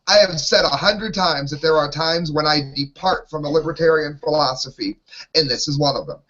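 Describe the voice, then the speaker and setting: A man's voice: a little high, normal speed, fairly bright tone. A man ranting in an exasperated way while co-hosting an opinionated panel talk show, heard over lo-fi online call audio.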